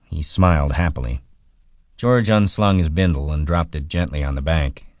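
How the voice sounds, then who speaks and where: A man reading a novel aloud as an audiobook narrator, calm and measured, on a close studio mic. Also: very deep voice, dry recording. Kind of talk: scripted narration.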